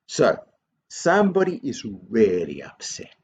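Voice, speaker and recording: A man's voice: medium pitch, expressive, moderate pace, slightly rough. A man speaking as a headteacher in a school video assembly, earnest and encouraging, repeating his key phrases.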